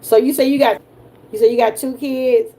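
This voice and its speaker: An older grandmother with a Southern US accent hosts a relaxed livestream, talking straight to her viewers. Her voice sits a little high for a woman, and her manner is folksy and familiar. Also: normal speed, slight background noise. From Georgia, US. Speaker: livestream host. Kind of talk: casual livestream chat.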